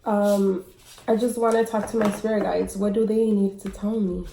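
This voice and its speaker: Woman vlogger, casual and halting, breathless, mellow low tone, roomy sound. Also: level tone, vocal fry, a little hiss or hum. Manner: chatty, halting with many fillers. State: a little out of breath. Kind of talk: casual oracle card reading vlog.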